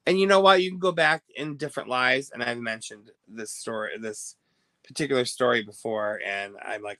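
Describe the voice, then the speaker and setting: A man's voice: medium pitch, normal speed, bright, forceful tone, dry recording. A man hosting his own show, telling a long rambling story to viewers in a chatty, self-interrupting way. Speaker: host.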